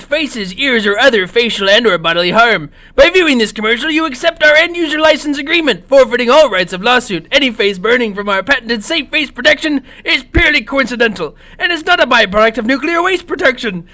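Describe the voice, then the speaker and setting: Casting: a man doing a high, bright pirate reading legalese in a deadpan drone. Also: a little fast, few pauses, full character voice. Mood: mock-solemn. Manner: rattles off nonsense in mock-legal drone. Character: gruff male pirate reading legal fine print. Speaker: co-host.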